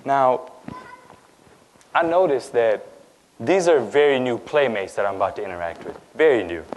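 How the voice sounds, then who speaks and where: A man's voice: mid-range voice, lively intonation, moderate pace, rough recording. A young man from India who grew up in Dubai, giving a personal talk on stage in a conversational way, with frequent fillers and "right?" asides. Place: lecture stage.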